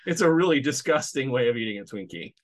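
Guy rambling on a movie podcast, lots of likes and ums, mid-pitched, just chatting. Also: quick pace, a crowd in the background. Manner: rambling, animated, many fillers. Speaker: podcast co-host. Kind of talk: casual movie review chat.

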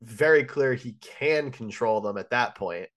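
A man's voice: medium pitch, animated, a little slow, fairly bright tone. A man co-hosting a podcast, chiming in with dry comments about a film and laughing often. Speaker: podcast co-host. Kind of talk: casual movie review chat.

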